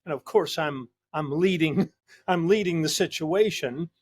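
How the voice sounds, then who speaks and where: A man's voice: fairly high pitch, a little slow, a little mellow, a little hiss or hum. A male psychologist hosting a discussion show, talking earnestly and emphatically, often repeating a word as he starts a sentence. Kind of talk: conversational discussion.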